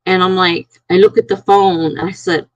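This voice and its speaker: A middle-aged woman casually telling a personal story on a live stream, rambling and halting with many restarts. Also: fairly low pitch, fairly even intonation, no echo, lo-fi sound.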